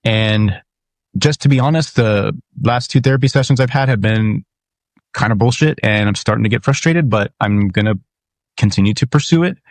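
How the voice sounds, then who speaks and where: A man's voice: lowish voice, moderate pace, no room sound. A man in his thirties or forties hosting his own podcast, talking candidly and rambling with profanity and restarts. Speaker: podcast host. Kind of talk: casual solo monologue.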